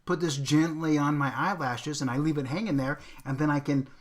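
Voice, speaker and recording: A man's voice: fairly high pitch, fairly even intonation, fairly quick. A middle-aged man hosting a casual livestream, chatting earnestly and showing makeup steps as he talks. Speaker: livestream host.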